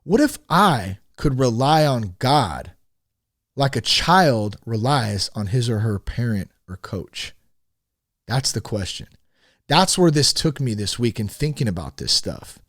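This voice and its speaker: Frank, animated man in his thirties. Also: medium pitch, unhurried, no room sound, clean studio sound. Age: 30s. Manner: animated and frank, with swearing and rising emphasis. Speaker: podcast host. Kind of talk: casual spoken monologue.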